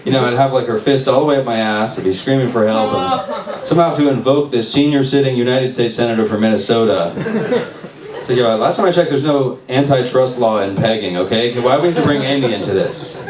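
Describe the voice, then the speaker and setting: A man's voice: medium pitch, a little fast. A man in his twenties doing a stand-up set at an open mic, crude and self-deprecating in a sardonic way. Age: 20s. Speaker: stand-up comedian. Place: open mic in a bar room with audience. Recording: echoey room, distant mic, crowd laughter. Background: audience laughing.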